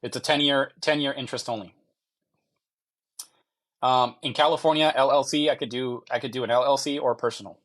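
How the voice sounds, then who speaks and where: A man's voice: medium pitch, fairly even intonation, fairly bright tone. Man repeating himself as he checks answers. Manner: halting, repeats phrases while checking answers. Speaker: mortgage loan officer. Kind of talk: live Q&A stream, reading viewer questions.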